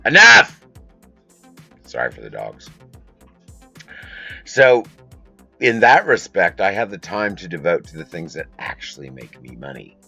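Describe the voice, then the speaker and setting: A man's voice: deep voice, big pitch swings, normal speed, gravelly, pauses often, fairly bright tone, breathy edge, soft background music. A man hosting a casual live stream from his home, rambling through business talk and breaking off to scold his dogs. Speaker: host. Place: home room with a curtain backdrop.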